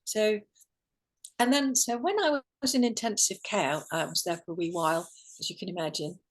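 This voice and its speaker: With many fillers and false starts, a woman interviewed as a guest earnestly recounts an emotional personal story. Her voice is mid-range, and she speaks at a normal speed.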